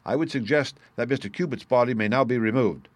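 A man reading a sharp, middle-aged male detective who explains his reasoning in a measured, assured way. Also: mid-range voice, no echo, close to an everyday voice. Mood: explaining. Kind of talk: audiobook character reading.

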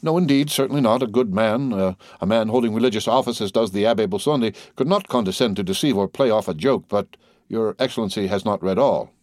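A man's voice: fairly low pitch, quick pace, a little mellow, no room sound, clean studio sound, lightly acted. A man reading the part of a timid, fawning old Italian ex-major in an audiobook, with a hesitant, eager manner. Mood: eager, anxious.

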